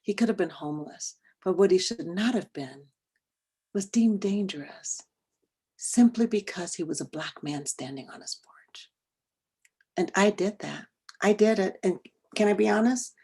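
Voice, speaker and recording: A middle-aged American woman presents an educational workshop, shifting between hushed, earnest asides and loud, emphatic bursts while repeating phrases for emphasis. Her medium-pitched voice is gravelly and husky.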